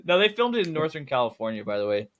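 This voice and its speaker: A man's voice: on the high side, big pitch swings, fast talker, a bit bright. A young man co-hosting a casual film podcast, rambling and correcting himself, laughing at his own jokes. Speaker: podcast co-host.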